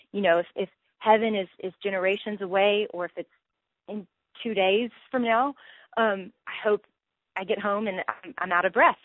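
A woman, a Bible teacher guest, talking earnestly in a casual faith interview, with many halting restarts. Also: mid-range voice, no echo. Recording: tinny phone line.

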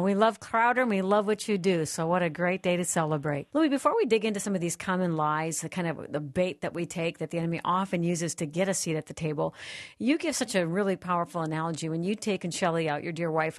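A woman hosting a radio interview who keeps affirming her guest with soft interjections. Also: on the low side, dry recording, studio quality. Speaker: radio show host.

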